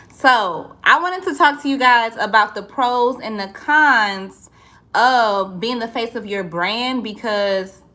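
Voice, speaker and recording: A woman's voice: a little high, sharp tone. A woman chatting casually on a livestream, greeting viewers by name and calling them y'all. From St. Louis. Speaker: livestream host and entrepreneur.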